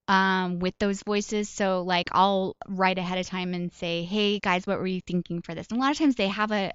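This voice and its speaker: A woman's voice: medium pitch, clean tone, no room sound, muffled recording. A woman comedian and voice actor chatting in an interview, telling stories in a self-deprecating way with laughs along the way. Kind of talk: casual interview chat.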